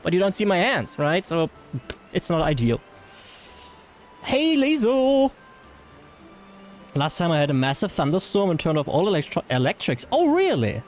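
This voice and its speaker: A man's voice: fairly high pitch, lively intonation, a little fast, faint music behind. A man with a German accent chatting casually through a game livestream, rambling with fillers and reading chat messages aloud. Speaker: streamer.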